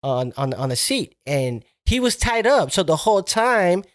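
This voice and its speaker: Here a high-pitched, very animated man speaks at a moderate pace. He's a podcast co-host in casual, profane chat, rambling through horror movie scenes in slang and shouting out the characters' quotes as he acts them.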